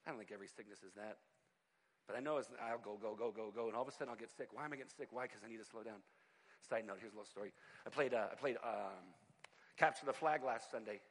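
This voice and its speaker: A man in his forties preaching a sermon, telling personal stories in an animated, conversational way with self-deprecating humor. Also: fairly low pitch, fast talker. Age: 40s. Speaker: pastor.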